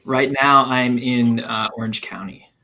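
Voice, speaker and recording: Man from Idaho, mid pitch, earnest and grateful, casual call. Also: fairly even intonation, a little slow, sharp tone. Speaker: guest reader. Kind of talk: casual chat on a video call.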